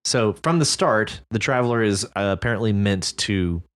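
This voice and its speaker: A man co-hosting a writing podcast, talking over listener stories in a relaxed, agreeable way with lots of fillers. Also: on the low side, normal speed. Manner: laid-back, agreeable, many fillers. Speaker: podcast co-host. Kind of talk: casual discussion of listener stories.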